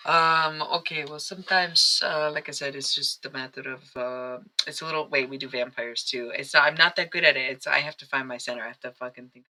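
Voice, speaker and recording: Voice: medium pitch, brisk, hardly any pauses, bright, forceful tone, rough recording. A live-stream psychic and astrology reader talking in a casual, rambling, chatty way, often breaking off mid-sentence. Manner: rambling, chatty, self-interrupting.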